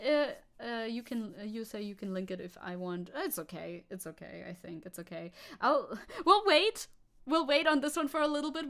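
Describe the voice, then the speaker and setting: A woman with a medium-pitched, fairly bright voice hosts a live stream. She chats casually with her viewers, rambling, repeating herself and laughing often.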